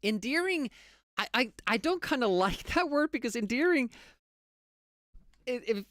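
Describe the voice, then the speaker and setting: Lively game streamer. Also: mid-range voice, measured pace, dry recording, studio quality. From Finland. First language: Finnish. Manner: chatty, laughs often, answers chat while playing. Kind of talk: casual live-stream chat while playing. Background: game music.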